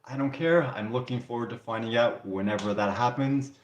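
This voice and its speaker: A man hosting a live stream, answering viewer comments in a relaxed, candid way with frequent restarts. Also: mid-range voice, fairly quick, lo-fi sound. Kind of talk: casual live Q&A chat. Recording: roomy echo.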